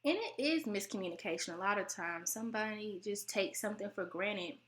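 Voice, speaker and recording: A young American woman hosting her own channel, chatting casually and animatedly, laughing often, and her voice sounds a bit teary even when she's not upset. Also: a little fast. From United States. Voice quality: voice sounds close to tears. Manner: animated, laughing, mimics relatives in high voices. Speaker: vlogger host. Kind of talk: casual talking-to-camera chat.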